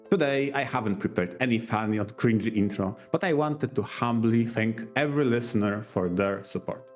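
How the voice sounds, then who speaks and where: A man co-hosting a podcast, talking earnestly in a casual, halting way and restarting his sentences. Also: on the low side, darkish tone. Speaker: podcast co-host.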